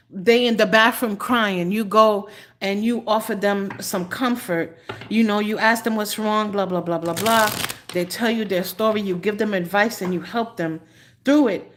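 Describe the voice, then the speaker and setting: Slow-talking woman tarot reader, choked up. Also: medium pitch. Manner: slow, chatty, often clears her throat. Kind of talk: live-stream tarot reading.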